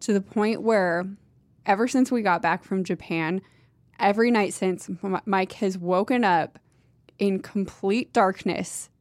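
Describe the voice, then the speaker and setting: A woman's voice: mid-range voice, a little slow, no echo. A woman co-hosting a casual book-club chat, wry and sarcastic, swearing freely. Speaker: podcast co-host.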